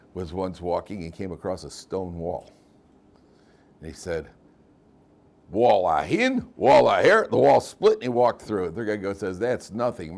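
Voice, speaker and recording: A man's voice: deep voice, gravelly. A middle-aged man teaching a class as a rabbi, telling stories and jokes, often repeating and restarting his phrases. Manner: animated storyteller, repeats phrases, many restarts. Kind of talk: casual lecture with jokes.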